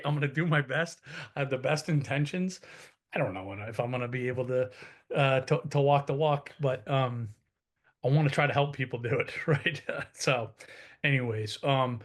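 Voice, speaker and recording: A man's voice: mid-range voice, a bit bright. A man in his thirties, co-hosting a webinar, talking in a casual, salesy way with frequent restarts. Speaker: co-host. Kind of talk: webinar talk.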